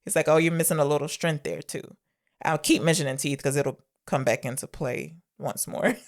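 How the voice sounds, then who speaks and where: A woman's voice: low voice, fairly even intonation, normal speed. A young woman co-hosting a casual movie podcast, retelling scenes and acting out the characters' lines. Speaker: podcast co-host. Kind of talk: casual movie review chat.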